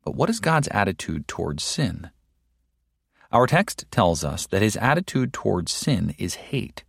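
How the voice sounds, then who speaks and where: Slow, gravelly-voiced preacher man. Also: on the low side, sing-song, no room sound, clean studio sound. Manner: slow, deliberate and emphatic, with rebuking asides. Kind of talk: sermon read aloud.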